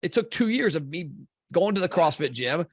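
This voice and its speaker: Blunt, intense man with a higher voice. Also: sing-song, normal speed, dry recording, clean studio sound. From Kentucky. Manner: blunt and intense, swears casually. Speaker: podcast guest, restaurant marketing CEO. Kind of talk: blunt conversational interview.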